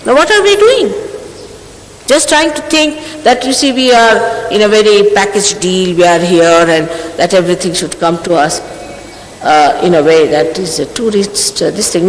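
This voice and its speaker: A woman's voice: on the low side, moderate pace. A woman in her sixties scolding her followers as their spiritual teacher, sternly admonishing them with pointed rhetorical questions. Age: 60s. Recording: echoey hall, faint background hiss.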